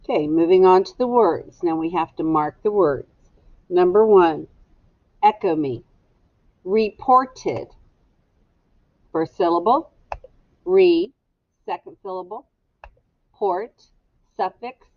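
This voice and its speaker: In a dry, dull-sounding recording, a woman with a fairly low voice dictates spelling words to young kids. She goes slowly and deliberately, enunciating each syllable.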